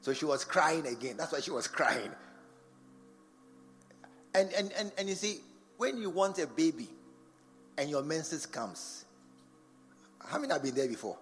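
A man's voice: fairly high pitch, sing-song, a little slow, pauses often, a bit bright. A man preaching a sermon in a large church, firing rhetorical questions at the congregation. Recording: long church reverb with faint music behind.

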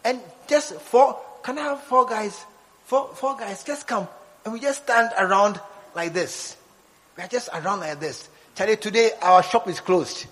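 A man preaching a lively sermon, acting out little scenes and joking with his congregation. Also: high-pitched, a little slow, long reverb tail, poor audio. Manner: animated, acts out scenes, jokes with the congregation.

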